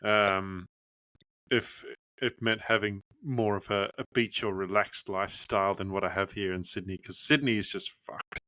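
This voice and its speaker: A man's voice: lowish voice, fairly even intonation, normal speed, bright, forceful tone, dry recording. A man from Africa, chatting casually on a podcast in a blunt, easygoing way and swearing freely. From South Africa.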